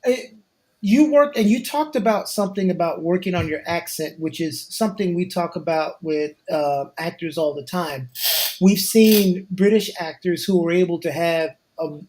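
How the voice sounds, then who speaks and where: A man's voice: fairly high pitch, moderate pace, a little mellow. Chatty male interview host. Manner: conversational, reads listener questions. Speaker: show host. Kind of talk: casual interview.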